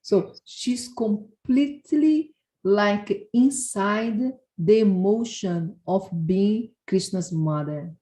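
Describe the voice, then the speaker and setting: Slow-spoken woman telling a devotional story. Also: mid-range voice, warm tone. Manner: storytelling with laughs and halting restarts. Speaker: devotional speaker. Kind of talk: devotional class talk. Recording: echoey room.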